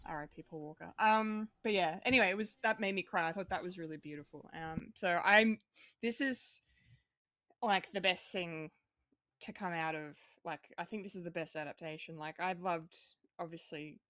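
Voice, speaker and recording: Woman, podcast co-host, casual rambling chat, lowish voice, swears a lot, dry close mic. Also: normal speed, a bit bright, no echo. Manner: rambling, swears freely, many fillers and restarts.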